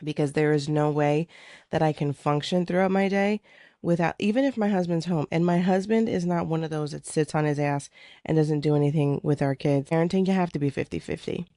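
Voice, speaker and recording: Lowish dark-voiced woman rambling casually, curses a bit, very dry sound. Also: brisk, no room sound. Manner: chatty, candid, swears freely. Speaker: podcast host. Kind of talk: casual chat. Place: her living room at home. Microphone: studio microphone.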